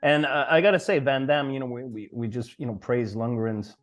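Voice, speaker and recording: A man's voice: mid-range voice, steady tone, brisk, faint music behind. A man co-hosting a casual movie talk show, chatting and laughing as he recalls favorite scenes. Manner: laughing, quotes movie lines in raised voices. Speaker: co-host. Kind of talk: casual chat.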